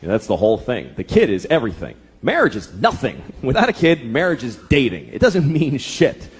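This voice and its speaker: A man in his thirties doing a stand-up comedy set, ranting profanely and deadpan, acting out voices. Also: medium pitch, fairly quick, breathy edge. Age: 30s. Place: comedy club stage before a live audience. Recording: live room with crowd laughter and noise. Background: audience laughter.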